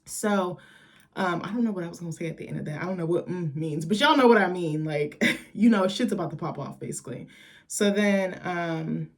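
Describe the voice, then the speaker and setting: A woman's voice: lowish voice, a little fast. Chatty, profane young woman recapping TV. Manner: chatty, profane, animated retelling with quoted lines. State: tired, late at night. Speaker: TV recap host. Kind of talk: casual episode recap.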